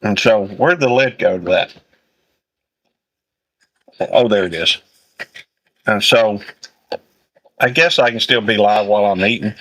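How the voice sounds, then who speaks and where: A man hosting a casual livestream while eating, talking in a rambling, halting way full of fillers and restarts. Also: fairly low pitch, fairly bright tone, rough recording. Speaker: livestream host.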